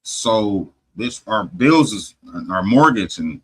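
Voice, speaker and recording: A man with a bright, slightly husky voice tells a story over a casual podcast chat. He swears constantly, trips over himself and restarts sentences, all in loose animated talk. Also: on the low side, slow pace, poor audio. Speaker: podcast host.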